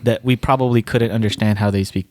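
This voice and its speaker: A man co-hosting a podcast, reacting quickly and laughing often. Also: lowish voice, fairly even intonation, darkish tone, dry recording. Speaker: podcast co-host. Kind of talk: casual podcast chat. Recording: noisy mic with clicks.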